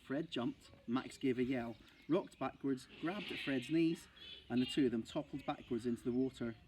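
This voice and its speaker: A male primary school teacher reads a children's novel aloud with steady, expressive storytelling. His voice sits at a middle pitch. Faint noise runs under the recording. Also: moderate pace.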